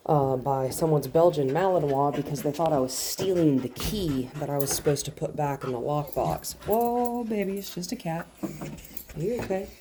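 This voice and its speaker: A woman dog trainer explains her work while handling a dog, her voice low and dark. She speaks calmly and at times softly to soothe the animal. Faint noise and dog sounds sit behind her. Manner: soothing, soft talk to the dog.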